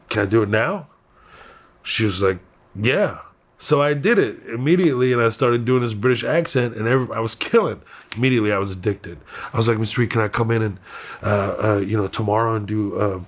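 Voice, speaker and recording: A man with a Houston Texan accent telling stories from his youth in a candid interview, animated and laughing often. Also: lowish voice. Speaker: comedian guest.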